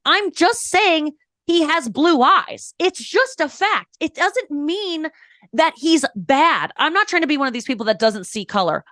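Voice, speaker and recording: A woman's voice: medium pitch, a bit bright, no echo, studio quality. A woman stand-up comedian in a candid interview, talking frankly and emphatically, breaking off to correct herself and acting out quotes as she tells stories. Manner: frank, storytelling with acted-out quotes; quick, emphatic, self-correcting. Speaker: stand-up comedian, podcast guest.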